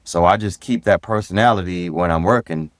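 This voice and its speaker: A middle-aged man from Brooklyn, telling stories in a podcast interview. His voice sits fairly low and sounds close and dry. He talks in a relaxed, direct way and livens up when he replays conversations. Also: a little fast, no room sound. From Brooklyn, New York. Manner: easygoing and direct, animated when recounting dialogue. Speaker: guest, former police sergeant and DJ. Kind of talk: casual storytelling in a podcast interview.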